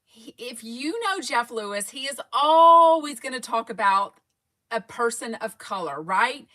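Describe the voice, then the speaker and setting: Bright-voiced chatty Texan woman. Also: a little high, expressive, a little slow. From Texas. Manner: chatty, rambling, reads live comments aloud. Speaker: fan podcast host. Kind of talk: casual livestream chat.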